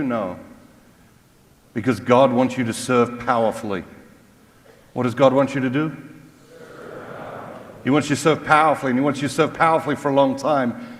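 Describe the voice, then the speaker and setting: A man's voice: mid-range voice, a bit bright. A man giving a humorous motivational Catholic talk to a crowd, mocking and full of rhetorical questions. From Australia. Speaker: Catholic speaker. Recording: long hall reverb.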